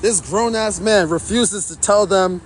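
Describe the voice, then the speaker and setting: High-voiced man ranting to chat. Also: a little slow. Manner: indignant, repetitive, addresses chat. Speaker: livestreamer. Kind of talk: outdoor livestream commentary.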